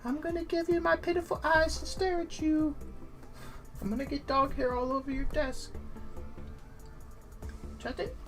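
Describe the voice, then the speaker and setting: A man's voice: extremely high pitch, little pitch movement, normal speed, long pauses, fairly bright tone, faint music behind, voice pushed up. A man voicing a needy, dramatic female pet dog that whines, pleads and guilt-trips. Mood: pleading. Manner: whiny, pleading and guilt-tripping.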